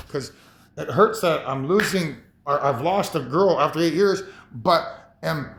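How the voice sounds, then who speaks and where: A man in his fifties talking in a rambling, emotional personal monologue, halting and repeating himself. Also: high-pitched, creaky. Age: 50s. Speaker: vlogger.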